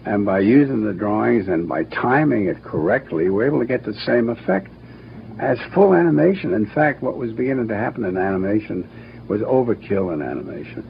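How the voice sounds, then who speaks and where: An older man with a low, gravelly voice tells stories about his work in a brisk, anecdotal way. He sometimes acts out what people said. The recording is dull with a faint hiss. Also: expressive. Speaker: cartoon producer and director. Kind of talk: interview, reminiscing.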